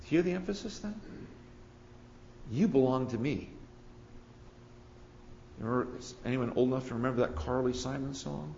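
A man preaching an expository sermon, rising on key words and then dropping low. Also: gravelly, darkish tone, lo-fi sound, a little hiss or hum. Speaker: pastor.

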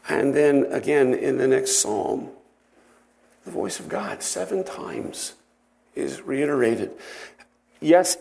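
Male Bible teacher, mid-pitched voice, reads scripture and then explains it conversationally, unhurried. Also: a little mellow. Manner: unhurried, with fillers and self-corrections.

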